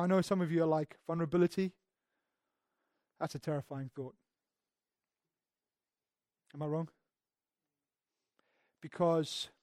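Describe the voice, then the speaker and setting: A male pastor preaching a sermon in a church, earnest, moving between hushed passages and emphatic ones and often restarting his words. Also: a little high, dry recording, studio quality. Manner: repeats words when restarting.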